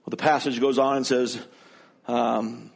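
A middle-aged male pastor delivers a sermon, weaving a personal story into his teaching. He speaks in an earnest, conversational way at an ordinary pitch for a man, like someone talking to a congregation he knows. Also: little pitch movement, a little slow, creaky, slightly rough.

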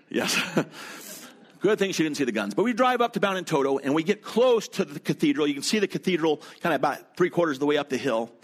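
Storytelling male pastor. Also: on the high side. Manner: conversational storytelling with asides to the congregation. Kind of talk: sermon with travel story. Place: room before a congregation.

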